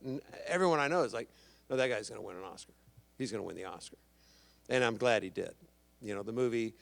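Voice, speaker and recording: A man's voice: mid-range voice, gravelly. A man in his sixties from Houston, a guest actor on a convention stage, telling rambling anecdotes and acting out the voices of people he quotes. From Houston, Texas, USA. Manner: animated, acts out quoted voices, rambling restarts. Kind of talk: anecdotal storytelling to a live audience.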